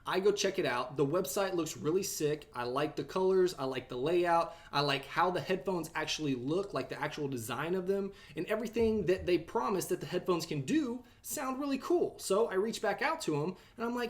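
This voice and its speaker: A young man hosting a tech review vlog, telling a story time review quickly and quoting himself in a raised voice. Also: high-pitched. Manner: animated, talks fast, quotes himself in a raised voice.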